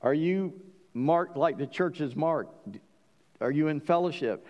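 A man preaching a sermon as pastor, emphatic, swinging between loud declarations and quiet asides, asking the congregation questions. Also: on the high side, animated, a little slow, long reverb tail, dull audio. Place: church.

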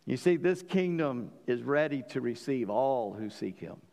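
A man's voice: mid-range voice, lively intonation, moderate pace, creaky, a little mellow, in a large hall. A man preaching a sermon as pastor. He talks earnestly, often stumbles and restarts, and builds to emphatic peaks.

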